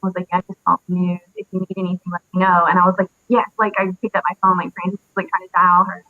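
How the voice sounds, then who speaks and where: A young woman in her twenties, an interview guest, recalls a painful loss in a halting way, with many fillers and pauses. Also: fairly low pitch, level tone, no room sound. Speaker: interview guest, military widow. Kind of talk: emotional personal recollection. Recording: dry tinny phone-like audio.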